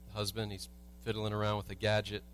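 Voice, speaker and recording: A man's voice: fairly low pitch, monotone, quick pace, fairly bright tone, a little hiss or hum. A man preaching a sermon as a pastor in a church, telling everyday stories with humor and asking the congregation rhetorical questions. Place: church sanctuary.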